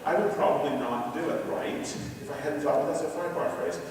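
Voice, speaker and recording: A man's voice: on the high side, a little fast, gravelly, darkish tone. A man leading a choral conducting workshop, talking through a score and singing short phrases aloud to demonstrate. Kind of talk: conference lecture on score study. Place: large lecture hall. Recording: echoey hall recorded from far off with faint hiss.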